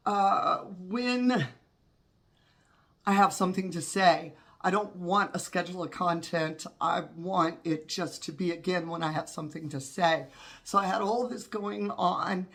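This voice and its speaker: A woman's voice: medium pitch, vocal fry, fairly bright tone. A woman in her fifties hosting a witchcraft channel, talking in a candid, rambling way while congested from a cold. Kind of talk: casual vlog talk.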